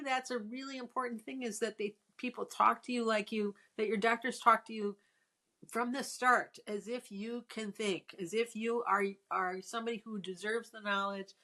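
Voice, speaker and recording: A woman's voice: mid-range voice, fairly bright tone. A woman in her sixties in casual conversation, telling a personal story with frequent restarts. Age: 60s. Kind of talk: casual chat.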